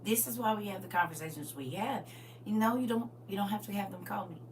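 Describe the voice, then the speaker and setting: A middle-aged woman preaching through funny stories, chatting directly with the crowd and now and then bursting out loudly. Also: medium pitch, fast. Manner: lively and chatty, teasing the crowd directly, sudden loud outbursts. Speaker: speaker at a live church gathering. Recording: far-off mic with faint hum.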